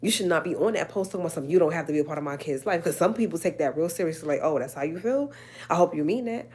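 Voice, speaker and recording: A woman's voice: low voice, a little mellow. A woman hosting a live stream, talking emphatically to viewers and repeating her points. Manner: emphatic, preachy, repeats herself. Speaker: livestream host.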